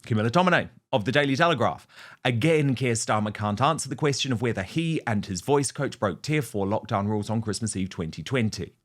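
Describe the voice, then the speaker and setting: A man's voice: medium pitch, lively intonation, a little fast. A man hosting political commentary, scornful and punchy, mocking his targets. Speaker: host.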